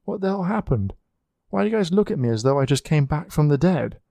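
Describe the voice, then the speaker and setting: A bewildered young woman, put on by a male reader, her raised voice soft and halting. She sounds confused and unsure of herself. The room is dry and close. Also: fairly high pitch, big pitch swings, vocal fry, no room sound, voice pushed up.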